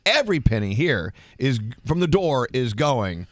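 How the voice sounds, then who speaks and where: A man's voice: medium pitch, big pitch swings, measured pace, dry recording, studio quality. A man hosting a morning radio show, steering the banter with a wry, playful manner.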